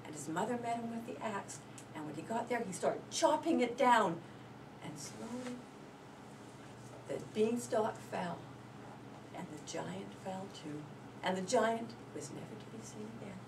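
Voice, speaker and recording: A woman telling a folk tale aloud as a club speech, animated and swinging between loud and hushed, heard from a distant mic with faint room noise. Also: mid-range voice, a little slow. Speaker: club member giving a speech.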